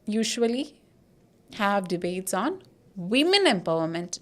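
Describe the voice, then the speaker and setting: A teacher takes her time over each word, repeating it and asking "got it?" along the way. She speaks slowly and deliberately, in a mid-range woman's voice. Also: mid-range voice, very animated, fairly bright tone. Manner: repeats words and checks in with "okay?" and "got it?". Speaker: English pronunciation teacher. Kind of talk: slow, deliberate classroom explanation.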